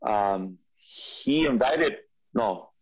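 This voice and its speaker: A man who is a podcast guest, telling a personal story in a relaxed interview with frequent restarts and repeats. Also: fairly low pitch, extremely slow, breathy edge, lo-fi sound. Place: studio.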